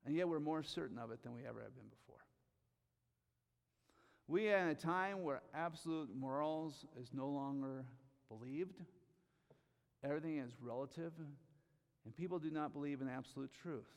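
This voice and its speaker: A man's voice: mid-range voice, gravelly. Emphatic preacher man, reverberant hall. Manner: emphatic, rises to loud bursts on key phrases; reads scripture aloud slowly. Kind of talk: sermon.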